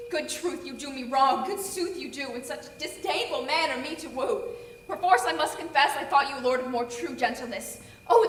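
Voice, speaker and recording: A heartsick, spurned maiden, played by a young woman pleads in plaintive verse. Her very high voice comes from a distance with a roomy echo and faint noise. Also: bright, forceful tone, full character voice. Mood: wounded. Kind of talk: stage acting of verse. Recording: echoey room from far off, with noise.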